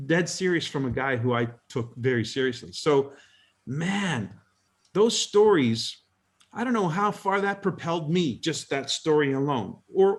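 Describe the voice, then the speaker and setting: A man on a video call telling an earnest, emotional story to his sales team, often restarting his sentences. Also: a little high. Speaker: business team leader.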